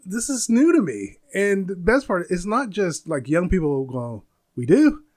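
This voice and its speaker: Man from the US, late forties, casual podcast rant, rambling, fairly high voice, chuckling as he goes. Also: very animated, moderate pace, darkish tone. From United States. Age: 40s. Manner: rambling, laughs often, searches for words. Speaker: podcast host.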